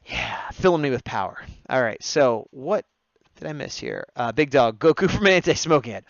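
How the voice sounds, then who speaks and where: On his livestream, a man works through drawing requests, casually narrating and talking with viewers while often laughing at his own jokes. His medium-pitched voice is expressive and creaky, at a normal speed. The recording is dry, and the lo-fi audio is dull.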